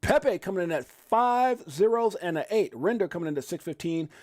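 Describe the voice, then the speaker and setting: A man hosting a casual live stream, excitable and joking, often exclaiming as he runs through prices. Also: high-pitched, normal speed. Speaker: crypto live stream host.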